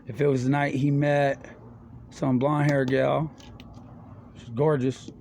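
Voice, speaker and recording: A middle-aged man talking in a rambling, stream-of-consciousness way. His voice sits at an ordinary pitch for a man. His speech is loose, full of slang and swearing, and hops from subject to subject. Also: level tone, takes it slowly, gravelly, darkish tone, slight background noise. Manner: loose, slangy and profane, jumps between topics. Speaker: monologuist.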